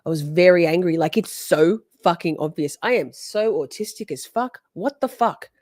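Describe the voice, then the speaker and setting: A woman's voice: lowish voice, expressive, normal speed, a little mellow, no room sound, studio quality. A woman in her forties hosting a casual livestream, teasing her chat and swearing freely. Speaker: livestream host.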